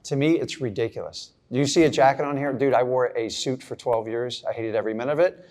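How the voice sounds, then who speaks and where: A man's voice: mid-range voice, quick pace, darkish tone. A middle-aged man giving a blunt, casual motivational talk to a live audience, acting out little scenes. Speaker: real estate investor speaking to an audience.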